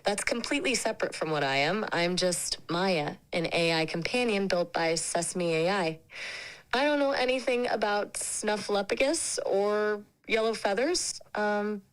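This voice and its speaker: A woman's voice acting as an AI chat companion, upbeat and polite, quick to agree in casual chat. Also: mid-range voice, smooth.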